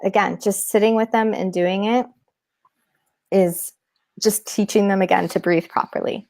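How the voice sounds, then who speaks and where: A woman guest who teaches mindfulness to children, explaining techniques in an animated way in a casual interview. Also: medium pitch, a little slow, vocal fry. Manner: animated, demonstrates with props and breathing.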